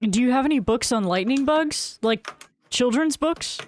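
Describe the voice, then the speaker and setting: A woman's voice: high voice, animated, normal speed, a little hiss or hum. A woman playing a tabletop game, eager and bubbly. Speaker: player. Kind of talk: casual tabletop chat.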